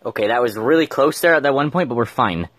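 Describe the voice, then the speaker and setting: A man's voice: medium pitch, animated, fast, a bit bright, dry recording. A man giving casual gameplay commentary, thinking aloud and mumbling with fillers as he plays at home. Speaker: gameplay streamer.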